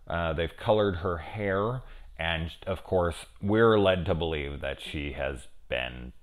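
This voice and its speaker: A man hosting a casual review show, thinking aloud with many fillers and swinging between loud excited questions and low mumbles. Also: slow pace, slight background noise. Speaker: TV review host. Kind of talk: casual spoiler discussion.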